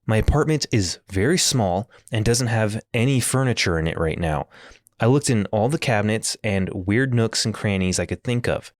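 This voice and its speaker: Low-voiced guy co-hosting a podcast, reads stories out all laid-back, lots of little laughs. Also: dry recording, studio quality. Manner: laid-back, hesitant with fillers and chuckles. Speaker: podcast co-host. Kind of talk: casual podcast chat, reading stories aloud.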